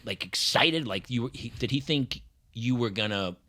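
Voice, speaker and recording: A man with a Boston accent co-hosting a casual podcast. He tells family stories with comic timing, in a bright voice that moves a lot in pitch. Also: expressive, normal speed. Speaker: podcast co-host.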